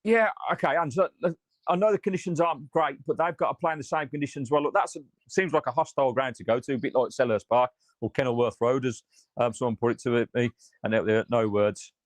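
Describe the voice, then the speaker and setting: A man's voice: mid-range voice, quick pace, dry recording. A man hosting a fan channel, reacting live after a match in a frustrated, sweary rant and reading out viewer comments.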